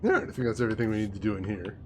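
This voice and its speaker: A man giving chatty, animated commentary while playing a video game, laughing often. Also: on the low side, rapid-fire, noisy background. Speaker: gaming streamer. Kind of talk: casual let's-play commentary.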